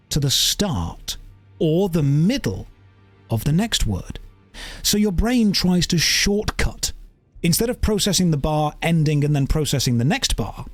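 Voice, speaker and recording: A man streaming a game and chatting casually, wandering through anecdotes and tangents in an animated way. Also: mid-range voice, no room sound. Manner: animated storytelling. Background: faint game music.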